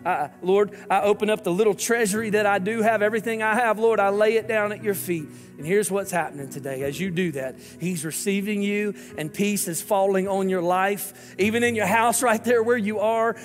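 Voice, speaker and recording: A man's voice: high-pitched, fairly even intonation, moderate pace, hardly any pauses, in a large hall, soft background music. A man, a lead pastor, giving an earnest, pleading sermon and prayer to viewers watching online.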